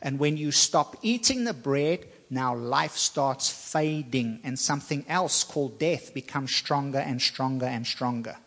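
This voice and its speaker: A man preaching a sermon, speaking with slow emphasis and repeating phrases to drive points home. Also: medium pitch, animated, vocal fry, fairly bright tone, big-room sound.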